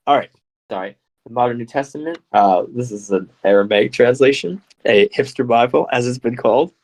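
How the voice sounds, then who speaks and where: A man hosting a live radio show, chatting casually and reading scripture aloud, playful and quick to laugh. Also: mid-range voice, lively intonation, a little mellow, low-quality recording. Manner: playful, laughs often, slips into mock accents.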